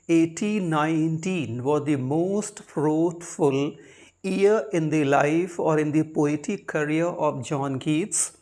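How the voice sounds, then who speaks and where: A man giving a slow line-by-line poetry lecture, repeating phrases and asking questions he answers himself. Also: fairly high pitch. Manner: repeats phrases, addresses the listener as "my dear learner". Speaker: English literature teacher.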